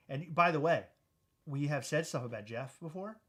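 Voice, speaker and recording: A man co-hosting a podcast in casual chat, loud, joking and teasing. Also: medium pitch, normal speed, long pauses. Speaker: podcast co-host.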